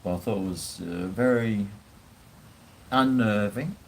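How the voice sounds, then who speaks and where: A man telling a casual, rambling story, with frequent pauses and casual swearing. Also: fairly low pitch, darkish tone, a little hiss or hum, low-quality recording. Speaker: vlogger.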